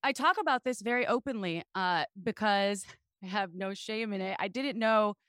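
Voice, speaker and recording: A woman guest on a podcast, telling candid stories in a raspy voice, open and animated in a casual chat. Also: medium pitch, normal speed, no room sound, studio quality.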